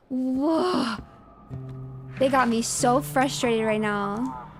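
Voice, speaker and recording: A woman's voice: high voice, very slow, soft background music. A young woman streaming a game, chatting casually and exclaiming in flustered bursts.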